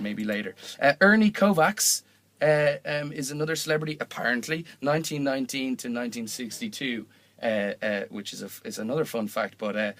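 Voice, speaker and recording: A young man hosting a homemade mock radio show, rambling through comic patter in an offhand, deadpan way with lots of fillers and self-corrections. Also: mid-range voice.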